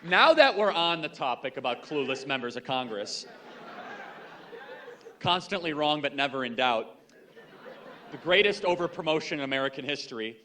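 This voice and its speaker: Bright, sarcastic young man speaker. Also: a little high, animated, some chatter behind, a little hiss or hum. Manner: quick, sarcastic, mocking. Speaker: panelist speaker. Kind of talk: stage panel talk.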